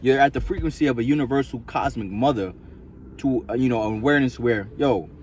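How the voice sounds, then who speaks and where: Profane rambling man, middling pitch. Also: fairly quick, noisy background. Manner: profane, repetitive, loose street slang. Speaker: vlogger. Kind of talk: casual rambling monologue.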